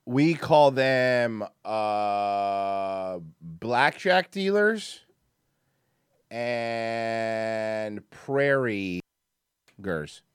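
A man's voice: lowish voice, animated, extremely slow, clear, resonant tone, no echo, clean studio sound. A man hosting a podcast, joking crudely and talking casually over a video. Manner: brash, profane, joking. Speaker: podcast host.

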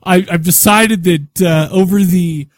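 A man's voice: high voice, a little slow, no room sound. A man hosting a podcast in loose, rambling, profane chat. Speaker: podcast host.

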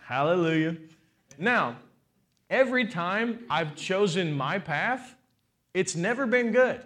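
Taking his time, a man in his forties preaches as a pastor. His rhetorical questions to the listeners come with animated shifts in pitch and volume, plus a few lighthearted asides.

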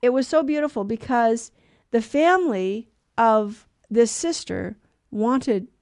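A woman's voice: a little high, slow pace, a little mellow, no room sound, clean studio sound. A woman co-hosting a Catholic radio show, telling a story earnestly and with animation, often restarting her sentences.

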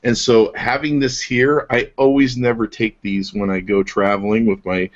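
Showing off a product on his podcast, a man jokes with enthusiasm and laughs a lot in casual conversation, though his fairly low voice keeps a level tone at normal speed. The recording is dull and lo-fi.

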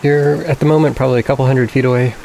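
A man narrating as game master, calm and matter-of-fact as he rules and sets the scene. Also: medium pitch, very fast, creaky, a little hiss or hum, low-quality recording.

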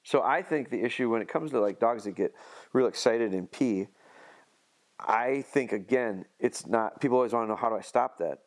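A man's voice: mid-range voice, normal speed. A man casually explaining dog training on a podcast, leaning on homespun analogies and restarting his sentences often.

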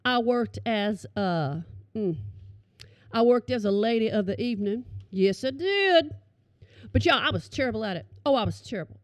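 A middle-aged woman telling comic stories to an audience, animated and calling them y'all. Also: a little high, normal speed, dry recording. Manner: animated, addresses listeners as y'all. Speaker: storyteller.

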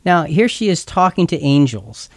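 Male Bible teacher with a slightly high voice. Earnest and explanatory, repeats words as he thinks. Dry recording. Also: big pitch swings, normal speed, no echo. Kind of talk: explanatory scripture talk.

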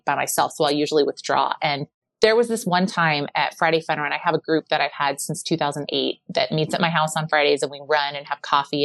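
A woman's voice: deep voice, creaky, no room sound. A middle-aged woman speaking as a podcast guest, telling personal stories candidly and with animation, full of "like"s. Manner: candid, animated storytelling with many "like"s. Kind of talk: personal conversation.

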